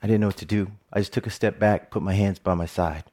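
A middle-aged man, a television reporter, telling a personal story in a talk with animated, joking delivery. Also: fast. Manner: animated, jokey storytelling with big pitch swings.

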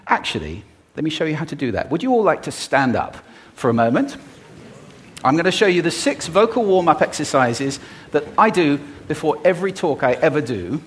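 A man giving a talk on stage to a live audience, playful and expressive, demonstrating vocal techniques as he speaks. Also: fairly high pitch, brisk, slight background noise.

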